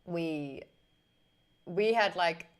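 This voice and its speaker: A woman's voice: lowish voice, drawn-out words, clean tone. A woman with an Australian accent, hosting a casual livestream, chatting cheekily and reading out viewer comments. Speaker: livestream host.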